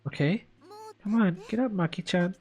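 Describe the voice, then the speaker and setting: A woman voicing a kind older schoolgirl senpai who speaks softly and quietly, gentle but distant. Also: medium pitch, moderate pace, faint music behind, voice pushed up, close to an everyday voice. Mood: cool.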